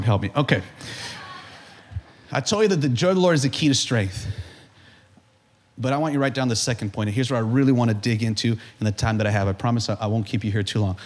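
A man preaching a sermon as pastor, building to shouts and joking with the congregation, calling out questions for them to answer. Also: mid-range voice, fast. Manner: preaching with rising shouts and humor, call-and-response.

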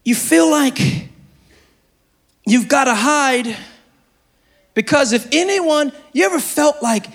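A man preaching a sermon to a congregation, swinging between loud shouted lines and quiet asides, and repeating phrases for emphasis. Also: very high voice, animated, slow, pauses often. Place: church service before a congregation.

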